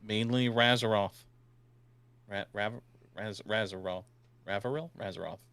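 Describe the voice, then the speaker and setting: A man's voice: fairly low pitch, fairly even intonation, unhurried, a bit bright, smooth, no echo. A man role-playing his character in a tabletop game, joking and crude, talking with a put-on New York accent. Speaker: player.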